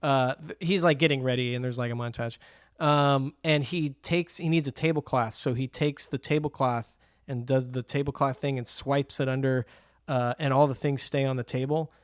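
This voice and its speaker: A podcast co-host with a mid-range, resonant, clear voice talks about movies at a moderate pace, acting out scenes and laughing often. The sound is clean studio audio with no room sound.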